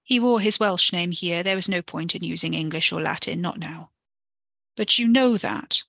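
A woman reading a story for a podcast in a steady, expressive way. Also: on the low side, fairly quick, vocal fry, dry recording. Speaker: podcast narrator.

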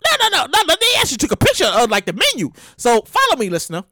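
A woman's voice: sits high, huge pitch swings, fast talker, bright, forceful tone, no room sound, clean studio sound. A woman hosting a podcast, talking casually and animatedly, cursing freely and acting out scenes with big exaggerated outbursts. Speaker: podcast host. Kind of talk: casual commentary monologue.

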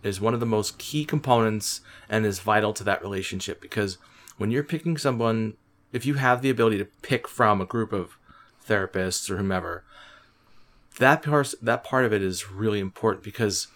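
A man's voice: lowish voice, a little fast, fairly bright tone. A man co-hosting a podcast, talking earnestly and supportively in casual chat, often restarting his sentences. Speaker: podcast co-host.

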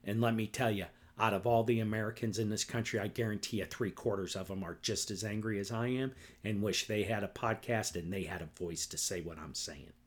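A man's voice: lowish voice, fairly even intonation, fairly quick, few pauses. A middle-aged man hosting a solo podcast, ranting angrily and with lots of profanity, often tagging his points with "right?" and "okay?". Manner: repetitive, keeps asking "right?" and "okay?". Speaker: podcast host.

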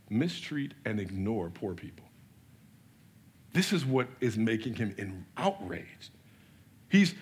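A pastor preaching a sermon in an animated way, asking rhetorical questions and swinging between loud and soft. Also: male voice, mid-range voice, husky.

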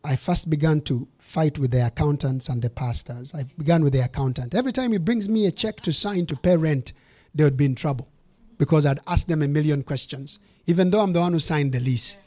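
High-voiced bishop preaching with punch. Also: male voice, fairly quick, a little mellow. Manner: emphatic storytelling with punchy repetition. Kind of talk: sermon.

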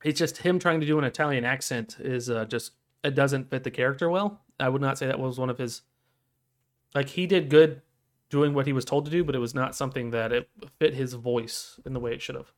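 On a laid-back podcast, this male co-host talks fairly quickly in a medium-pitched voice. His casual chatter meanders, with frequent fillers and do-overs.

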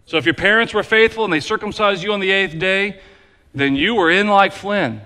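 A man preaching a sermon as pastor, emphatic and repetitive, swinging between loud declarations and quiet low passages. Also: fairly quick, smooth. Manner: emphatic preaching with repeated phrases, varying loud and soft. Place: church sanctuary. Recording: long hall reverb.

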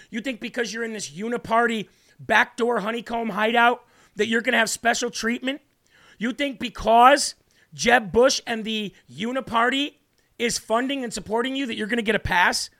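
With a very high, pushed, bright voice, a man hosts a political commentary show, speaking straight to viewers in a combative, emphatic way. Key points get repeated at a slower pace.

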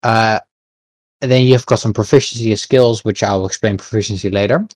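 A man running a tabletop game as game master, patiently explaining the rules with many pauses and fillers. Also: lowish voice, fairly even intonation, darkish tone, no echo.

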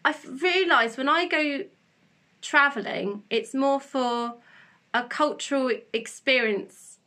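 Bright, high-voiced woman. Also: slow. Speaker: podcast co-host. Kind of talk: casual chat.

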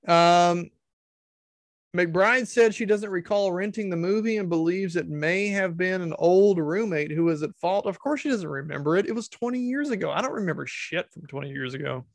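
A man's voice: sits high, normal speed, creaky, dry recording. A man giving casual comedic commentary, sarcastic and incredulous, swearing freely.

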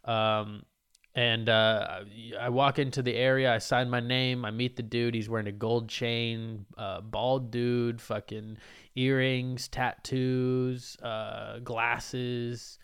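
Animated young man telling a story. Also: mid-range voice, slow, clean tone. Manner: animated, profane, self-mocking. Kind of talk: casual storytelling.

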